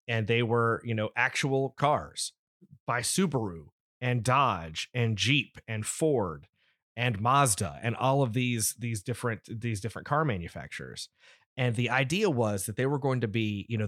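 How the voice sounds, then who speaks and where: A man's voice: lowish voice, dry recording, clean studio sound. A man in his thirties hosting a podcast, chatting casually and rambling with lots of restarts and fillers. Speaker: podcast host. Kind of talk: casual nerdy chat.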